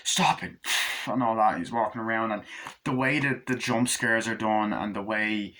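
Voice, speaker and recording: A man giving a casual, animated film review, swearing freely and acting out scenes in quick voices. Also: lowish voice. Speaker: movie reviewer. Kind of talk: casual spoken movie review.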